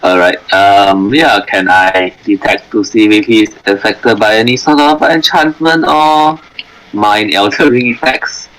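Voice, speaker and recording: A man's voice: on the low side, measured pace, fairly bright tone, poor audio. A man playing a tabletop game, talking casually and searching for words.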